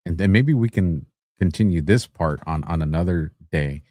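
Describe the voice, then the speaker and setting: A man hosting a long-form interview podcast who talks in a relaxed, earnest, casual way. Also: deep voice, moderate pace, no echo, clean studio sound. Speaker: podcast host.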